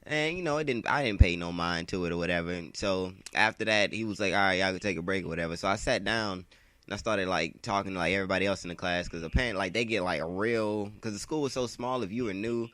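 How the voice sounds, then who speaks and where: A man's voice: low-pitched, fast, a bit bright, dry recording. A man casually telling a long story over gameplay in a slangy, rambling way, swearing often and filling his sentences with "like.".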